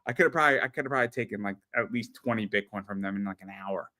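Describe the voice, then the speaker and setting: A man hosting a casual podcast chat, rambling and animated, often repeating words as he tells stories. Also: fairly low pitch, fast talker. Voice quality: rambling, animated storyteller with frequent stammered repeats. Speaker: podcast host.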